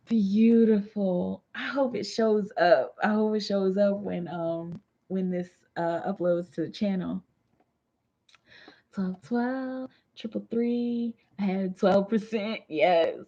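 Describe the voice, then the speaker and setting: A slightly tipsy woman in her thirties chats loosely on a livestream, laughing between slangy, laid-back remarks as a tarot reader. Her voice is mellow and relaxed, and the audio comes through a little dull. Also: mid-range voice. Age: 30s. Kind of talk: casual livestream chat.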